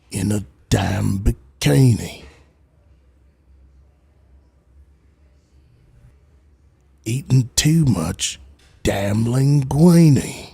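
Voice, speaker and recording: A man putting on a mock Australian tough-guy voice for a silly rap, low and drawled. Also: creaky, dark tone, slightly rough, no echo, heavily acted. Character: mock Aussie tough guy rapping, male adult.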